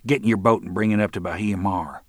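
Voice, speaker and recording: A man's voice: lowish voice, steady tone, fast talker, no echo, studio quality, lightly acted. A man playing a crude, menacing middle-aged man in an audiobook, blunt and slangy. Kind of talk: audiobook narration.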